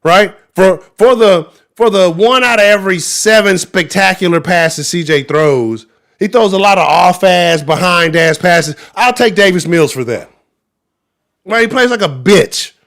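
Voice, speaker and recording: Brief: Houston-accented male sports show host, higher voice, angry profane livestream rant. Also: measured pace. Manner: angry, profane, animated ranting.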